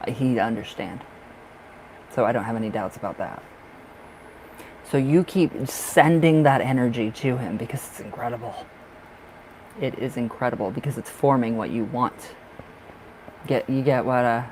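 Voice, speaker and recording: A man's voice: mid-range voice, darkish tone, rough recording. A chatty, effusive man reads tarot cards live for his viewers, gushing over their love lives and calling them darling. His voice sits in an ordinary middle range, with a faint hum of the room behind him. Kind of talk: casual live-stream chat.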